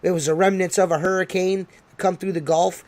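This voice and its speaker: Brief: male podcast host, loose and profane, emphatic, slightly high voice. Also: flat delivery, brisk, darkish tone. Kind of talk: casual podcast chat.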